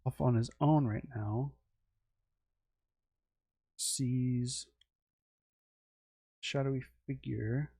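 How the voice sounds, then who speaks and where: A man's voice: medium pitch, steady tone, extremely slow, creaky, pauses often, warm tone, breathy edge, dry recording. A man telling a loose, meandering story about his original characters, full of fillers, restarts and swearing. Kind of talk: casual rambling storytelling.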